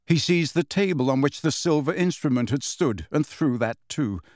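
A man's voice: fairly high pitch, lively intonation, moderate pace, darkish tone, dry recording, studio quality. A man narrating a fantasy novel as an audiobook, reading expressively.

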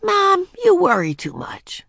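A woman reading aloud and voicing a spirited young schoolgirl who bosses her baby sister, in a high, eager voice. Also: very animated, unhurried, gravelly, bright, forceful tone, no room sound, clean studio sound, exaggerated voice.

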